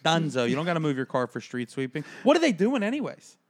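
Guy co-hosting a podcast, slightly high voice, deadpan ranty jokes, swears a lot. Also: quick pace. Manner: deadpan ranting, profane jokes. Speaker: podcast co-host. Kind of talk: casual chat.

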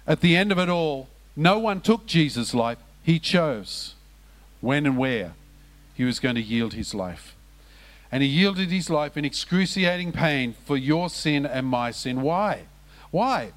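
Male pastor, sermon, fairly high voice, impassioned, hushed lows, emphatic raised cries.

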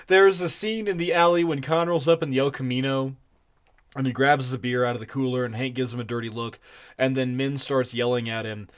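A man co-hosting a podcast in casual chat, excitable and rambling, laughing often. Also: medium pitch, brisk, smooth. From Colorado. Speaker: podcast co-host.

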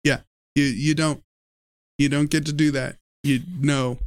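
A man co-hosting a podcast in casual chat, telling animated stories with frequent laughs and swearing. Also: fairly high pitch, a little slow, no echo, studio quality. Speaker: podcast co-host.

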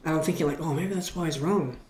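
A man retelling a story in a casual chat, animated and full of restarts. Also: fairly high pitch, fast talker. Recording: echoey room.

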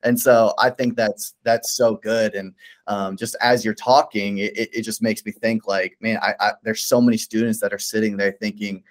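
A man's voice: on the low side, level tone, normal speed. A man who is a pastor, speaking earnestly and encouragingly in a casual faith conversation, with many fillers and restarts.

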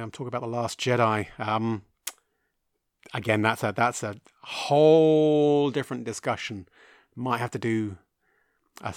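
Chatty film podcast host. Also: male voice, mid-range voice, fairly bright tone, no echo, studio quality. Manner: chatty, rambling, self-deprecating. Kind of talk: casual solo film review.

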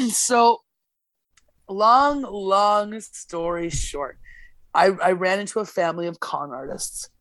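Speaking slowly in a medium-pitched, slightly bright voice, a woman guest on a casual podcast tells a story laced with swearing and quotes she acts out. There is no echo in the podcast studio.

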